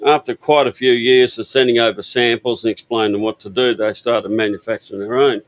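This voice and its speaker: A man's voice: mid-range voice, fairly even intonation, fairly quick, no room sound, lo-fi sound. An older man from Australia telling stories about his parts business in a rambling, easygoing way with lots of fillers. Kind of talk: casual interview storytelling. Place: outdoor expo stand.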